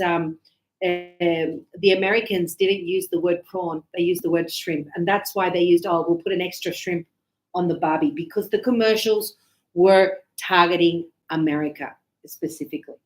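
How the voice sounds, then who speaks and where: A woman's voice: on the low side, a little mellow. Chatty Australian woman teaching English. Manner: chatty, explains with acted example dialogues. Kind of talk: online English lesson.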